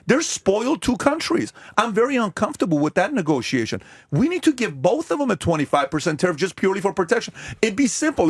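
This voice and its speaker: Guy arguing hard on a podcast, voice swings all over, bit husky, dry sound. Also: sits high, no echo. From America. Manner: forceful, emphatic, rhetorical questions. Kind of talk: heated debate.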